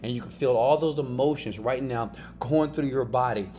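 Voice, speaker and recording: A man's voice: mid-range voice, normal speed. Emphatic man teaching over music. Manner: emphatic, peppered with "right?" and "okay?" tags. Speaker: motivational course teacher. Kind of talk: motivational self-help lesson. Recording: music playing under the voice.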